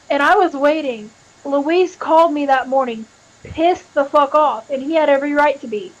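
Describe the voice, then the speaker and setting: Woman, high voice, candid, emotional, swears a lot, live stream, dull lo-fi audio. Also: moderate pace. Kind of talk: confessional live-stream chat.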